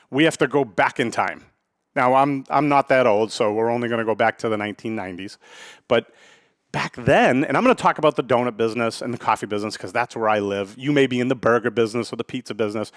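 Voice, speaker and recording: A chatty middle-aged man talks business in a loose storytelling way, leaning on quick asides to the listener. His voice sits at an ordinary pitch. The sound is dry and close, with no room around it. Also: fairly bright tone, no echo. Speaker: podcast host. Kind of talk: casual business talk.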